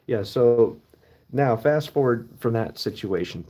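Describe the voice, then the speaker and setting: A man's voice: on the low side, moderate pace, darkish tone. A man hosting a livestream, telling a rambling story in a casual way, swearing and using plenty of asides. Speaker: livestream host.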